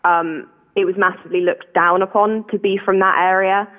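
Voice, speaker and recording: A woman's voice: mid-range voice, fairly even intonation, moderate pace. Posh english woman calling in, tinny phone sound, chatty, laughs at herself a lot. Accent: posh southern English. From England. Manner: chatty, laughs often, self-deprecating. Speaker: caller. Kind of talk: casual chat.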